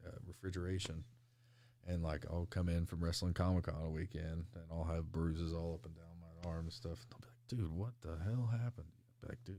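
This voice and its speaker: A man guesting on a sports show as a pro wrestler, telling stories in a loose, animated way, laughing often and acting out the people he quotes. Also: low-pitched. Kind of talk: casual storytelling interview.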